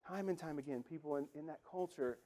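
A man's voice: fairly high pitch, a little fast, mellow. A man preaching a sermon in a conversational, emphatic way, acting out the lines he quotes. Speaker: pastor.

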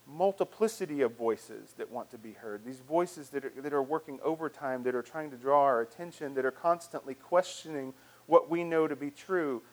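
A man's voice: on the high side, rough recording. A male pastor preaching a sermon in a reflective manner, with frequent restarts and repeated phrases.

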